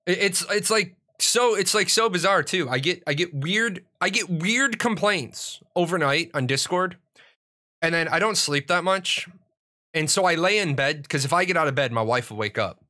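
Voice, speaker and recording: A man's voice: high voice, expressive, normal speed, sharp tone. A middle-aged man chatting casually on his livestream, rambling and profane, restarting his sentences often. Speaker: streamer and gaming network owner.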